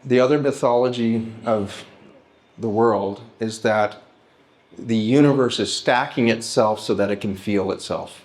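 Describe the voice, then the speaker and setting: A middle-aged man speaking to a live audience at a festival, telling stories and slowing down to act out heartfelt pleas. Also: lowish voice, darkish tone. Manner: storytelling, slows and lifts his voice to act out pleas.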